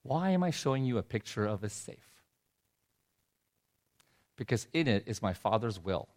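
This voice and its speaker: Soft-spoken man sharing a heartfelt testimony. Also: big pitch swings, moderate pace. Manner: heartfelt storytelling, voice drops low and soft when moved. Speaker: preacher. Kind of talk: sermon testimony.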